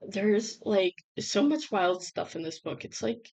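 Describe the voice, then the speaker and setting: A woman reviewing a book in a casual vlog, bubbly and chatty with lots of fillers, her voice hoarse and giving out. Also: medium pitch, expressive, unhurried, darkish tone, low-quality recording.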